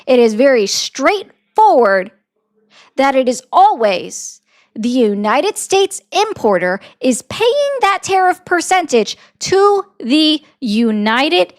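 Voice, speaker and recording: Fast, assertive woman commentator. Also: high voice. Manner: rapid, assertive, lecturing. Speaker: political commentator. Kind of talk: debate and explainer commentary.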